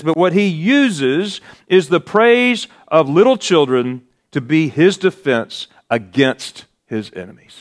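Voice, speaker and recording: A man preaching a sermon as pastor, slow and deliberate, rising to emphatic peaks on key words. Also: a little high.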